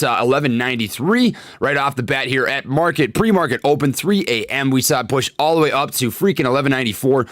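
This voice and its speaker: A man's voice: mid-range voice, fairly bright tone, no echo. A young man hosts a casual stock-trading livestream with hyped, slangy energy, tossing out catchphrases and greeting chatters by name. His voice sits in an ordinary middle register. He is recorded close on a desk microphone in a dry room at home. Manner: hyped, slangy, catchphrase-heavy, reads chat aloud. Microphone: desk condenser microphone.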